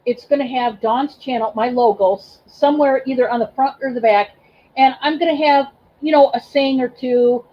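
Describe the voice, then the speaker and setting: A woman's voice: sits high, moderate pace, highs cut off. A woman hosting a casual livestream, emotional and effusive, thanking her viewers by name with many ums and restarts. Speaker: livestream host and reseller.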